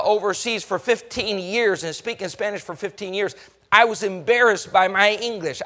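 Pastor preaching, high sharp voice, folksy storytelling, gets loud and emphatic. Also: male voice. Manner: emphatic, rises to shouts. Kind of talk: sermon.

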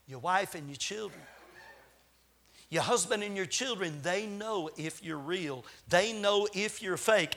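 A man preaching a sermon as a visiting preacher, swinging between loud appeals and hushed asides. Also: high-pitched, vocal fry. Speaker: traveling preacher.

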